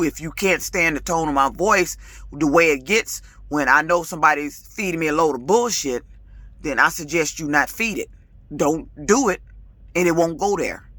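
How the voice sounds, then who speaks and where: A woman's voice: on the low side, bright, forceful tone, no echo. A woman truck driver ranting casually to her vlog audience, emphatic and authoritative, her voice rising and getting heated, with colloquial talk and repeated words. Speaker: lease-purchase truck driver.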